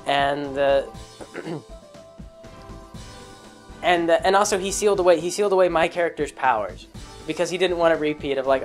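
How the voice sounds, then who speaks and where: A man with a slightly high voice tells a meandering story about an old tabletop campaign, full of "like" and "uh" and restarted sentences. He talks as a casual podcast host. Soft music plays faintly in the background. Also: normal speed, pauses often. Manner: rambling, with many fillers and restarts.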